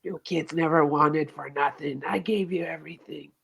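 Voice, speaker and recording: A man's voice: a little high, fairly even intonation, normal speed, creaky, a bit bright, slightly rough, full character voice. A man voicing a manipulative, guilt-tripping elderly mother with a reproachful manner.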